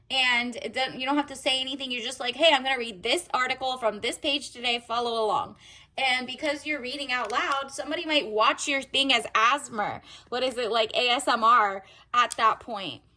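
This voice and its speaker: A woman's voice: fairly high pitch, bright, forceful tone. A woman giving a casual tarot reading, chatty and rambling with lots of filler words. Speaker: tarot reader.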